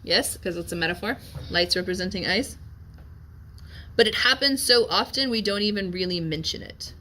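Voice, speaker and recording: A woman teaching a Latin class, chatty and lively, checking in often with her students and sounding a bit tired. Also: medium pitch, normal speed, a little hiss or hum. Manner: lively, chatty, asks frequent check-in questions. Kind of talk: classroom lecture on a Latin text.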